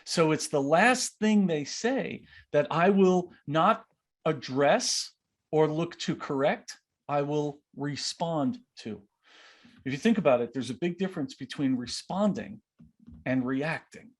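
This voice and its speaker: A man coaching on leadership over a video call, his voice a little higher than most men's. He talks in an animated way and slips into the voices of the people he quotes. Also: slow pace. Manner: animated, acts out quoted speech. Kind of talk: online masterclass Q&A.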